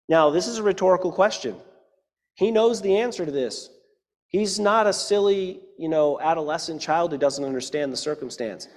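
A man's voice: fairly high pitch, lively intonation, moderate pace, big-room sound. Conversational pastor in his forties. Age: 40s. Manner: conversational, jokey asides to the congregation. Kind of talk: sermon.

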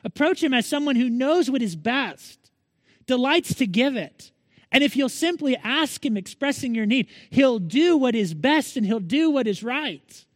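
A man's voice: very high-pitched, dry recording, long reverb tail. A male pastor preaching a Sunday sermon in an earnest manner, pressing his listeners with repeated rhetorical questions.

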